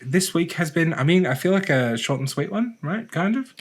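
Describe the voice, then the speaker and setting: Lively young man joking around. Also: on the high side, moderate pace. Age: young adult. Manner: joking, rambling, heavy with "um"s. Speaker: podcast co-host. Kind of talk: casual chat.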